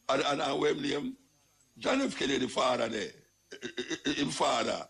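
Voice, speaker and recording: Animated, gravelly Jamaican man. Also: on the high side, normal speed. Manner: animated, exclamatory, patois-laced. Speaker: commentator. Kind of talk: casual commentary monologue.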